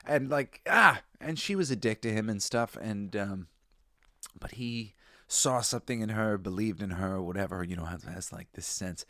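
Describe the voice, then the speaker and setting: A man's voice: on the low side, moderate pace, bright, forceful tone, dry recording, clean studio sound. A man hosting a podcast, giving a rambling, profane, emotional review in casual chat. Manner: rambling, profane, with restarts and laughter. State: tearful. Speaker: podcast host. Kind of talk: casual enthusiastic review monologue.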